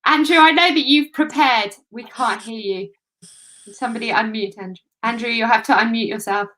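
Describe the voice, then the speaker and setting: A woman with a slightly high voice co-hosts a live online event over a video call. She talks briskly, keeps the session on track and reads tributes aloud. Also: a bit bright. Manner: brisk, keeps things moving. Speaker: co-host. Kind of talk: live-stream chat, reading tributes.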